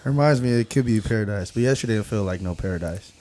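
A man's voice: fairly low pitch, fast, dark tone, no room sound. A man co-hosting a casual podcast chat, joking in laid-back slang and laughing often. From Southern California. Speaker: podcast co-host.

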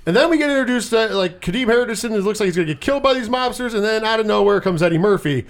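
A man hosting a casual movie review chat, talking in an animated, profane way and acting out scenes in quick put-on voices. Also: sits high. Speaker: podcast host.

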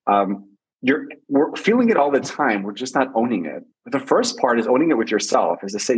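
Man, husky voice, middle pitch, relationship coach, animated storytelling, repeats phrases. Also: fairly quick, poor audio. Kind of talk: conversational advice.

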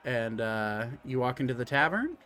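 A man's voice: medium pitch, sing-song, moderate pace, bright, forceful tone, slight background noise. A young man narrating as game master, rambling with lots of fillers and restarts. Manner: rambling with fillers, jumps into character voices.

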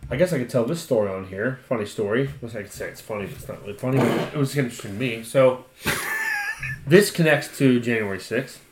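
A man's voice: mid-range voice, wildly swooping pitch, a little fast, reverberant, very noisy. A man with an Ohio accent, a podcast co-host telling a long story in casual, profane chat and laughing often.

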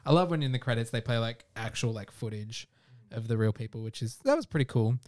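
A man, chatting about movies in a relaxed way with many fillers. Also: medium pitch, fast, dry recording, clean studio sound. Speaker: podcast co-host. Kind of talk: casual chat reviewing movies.

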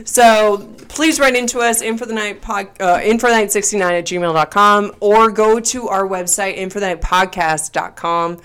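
A woman's voice: medium pitch, steady tone, fairly bright tone, clean tone. Woman, podcast co-host, casual chat, playful, teasing. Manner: playful, quick to tease and laugh.

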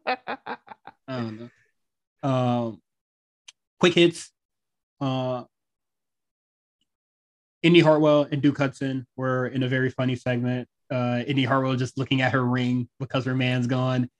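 A man's voice: mid-range voice, flat delivery, a little slow, pauses often. A man co-hosting a podcast, chatting casually about wrestling, laid-back, laughing often and swearing freely. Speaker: podcast co-host.

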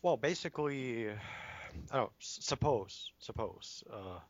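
A man's voice: medium pitch, lively intonation, unhurried. A man in a casual discussion, speaking hesitantly and thinking aloud with fillers. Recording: dull lo-fi recording.

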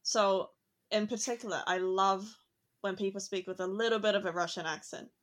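A woman's voice: medium pitch, steady tone, moderate pace. A woman chatting casually and thoughtfully, laughing easily as she talks. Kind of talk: casual chat.

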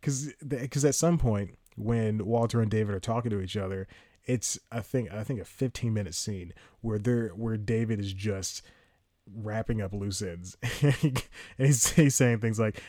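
A man's voice: lowish voice, normal speed, mellow, no echo, clean studio sound. A man hosting a podcast, chatting casually about a movie he watched, rambling and cutting himself off, chuckling often. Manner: rambling, self-interrupting, chuckling. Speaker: podcast host. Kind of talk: casual movie review chat.

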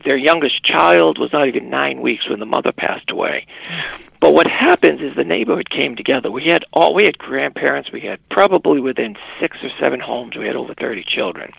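A man's voice: medium pitch, lively intonation, fairly quick, creaky, a bit bright, husky, dry recording, low-quality recording. A middle-aged man from Massachusetts, a podcast guest telling stories from his childhood. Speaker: guest, executive director of elder housing charity. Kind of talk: conversational storytelling.

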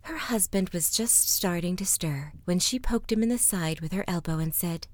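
A woman reading a fairy tale aloud, slipping into soft whispers at times. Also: on the low side, moderate pace, hardly any pauses, no room sound. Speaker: storyteller.

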